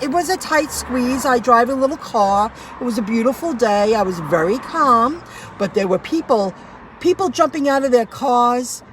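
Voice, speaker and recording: A woman with a high voice tells a rambling story on a casual livestream from inside a car. She repeats herself and restarts sentences as she goes. Clear road noise runs behind her voice. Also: low-quality recording. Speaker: food delivery driver vlogger.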